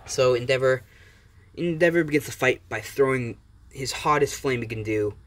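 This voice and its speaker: A man makes up a fan-fiction story as he goes, telling it in a loose, rambling way. His voice is an ordinary mid pitch, and it sounds like a casual storytelling channel. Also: moderate pace, a bit bright. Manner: rambling, with fillers and restarts. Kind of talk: improvised fan-fiction narration.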